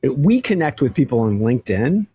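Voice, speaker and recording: A man's voice: mid-range voice, normal speed, noisy background. Man telling a rambling, swearing story. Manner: animated storyteller, swears freely. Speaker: podcast co-host. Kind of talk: casual chat.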